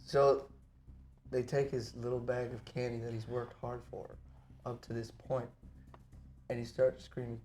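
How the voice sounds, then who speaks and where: A man playing a tabletop role-playing game, telling his character's backstory in an animated, laughing way. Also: medium pitch, measured pace, pauses often. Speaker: player. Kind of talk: casual tabletop storytelling.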